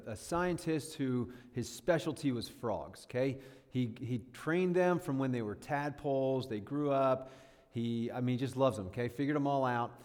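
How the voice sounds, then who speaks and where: A man's voice: medium pitch, darkish tone. Male guest speaker, 30s, mid-range voice, casual and self-deprecating, long hall reverb. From northern New York State. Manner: chatty and self-deprecating, lots of fillers and checks. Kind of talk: casual sermon-style talk.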